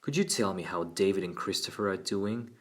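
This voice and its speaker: Man voicing a patient woman therapist, gentle and probing, only lightly lifted from a low voice. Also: brisk, husky. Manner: gentle, questioning.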